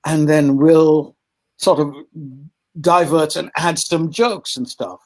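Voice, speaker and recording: A man's voice: on the high side, takes it slowly, low-quality recording. An older man with a British accent, an actor telling stories as a podcast guest and acting out the voices of the people in them. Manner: animated storyteller, acts out voices, frequent laughs and restarts. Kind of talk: storytelling in a podcast interview.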